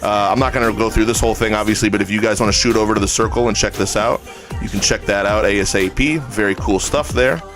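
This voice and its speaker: A man's voice: lowish voice, steady tone, quick pace, music in the background. A man hosting a casual livestream, hyped and salesy, talking straight to his viewers. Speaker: livestream host.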